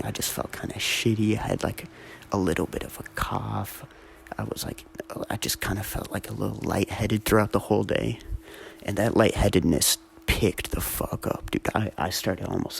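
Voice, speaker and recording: A man's voice: lowish voice, vocal fry, a little hiss or hum. A young man telling a rambling story in a casual way, swearing a lot and using many fillers.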